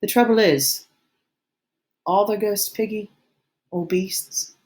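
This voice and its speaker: A worried, earnest boy leader speaking carefully and doubtfully, as a woman reading a storybook puts him on. His voice stays measured and a little raised. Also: mid-range voice, steady tone, a little mellow, pitched above the performer's own voice, close to an everyday voice. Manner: cautious, earnest.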